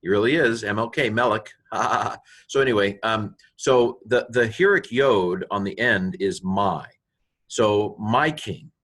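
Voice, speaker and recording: A man's voice: fairly low pitch, a little slow, a bit bright. An older man giving a recorded Hebrew grammar lesson, rambling and joking at himself, with many fillers and restarts. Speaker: Bible and Hebrew teacher.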